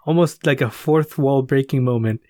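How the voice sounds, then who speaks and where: A man on a podcast casually discussing a movie, relaxed and chuckling, acting out lines of dialogue. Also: medium pitch, normal speed, no room sound, clean studio sound. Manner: relaxed, chuckling, acts out quotes. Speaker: podcast co-host.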